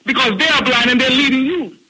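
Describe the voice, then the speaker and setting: A man's voice: very high-pitched, brisk, over a noisy crowd, low-quality recording. A man with a Jamaican accent calling in to a talk show, scolding and mocking in a heated rant. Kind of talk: heated ranting monologue.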